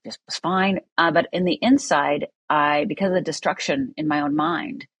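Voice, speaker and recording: A woman's voice: deep voice, moderate pace, breathy edge, dry recording. A middle-aged woman from Upper Michigan, telling a personal story as a podcast guest in an earnest, candid way with many fillers.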